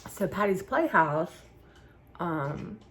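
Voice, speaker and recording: A woman's voice: on the low side, animated, takes it slowly, a bit bright, slight background noise. A woman from southern Maryland chatting casually to her viewers while she paints, rambling and trailing off mid-sentence. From southern Maryland, USA. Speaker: YouTuber.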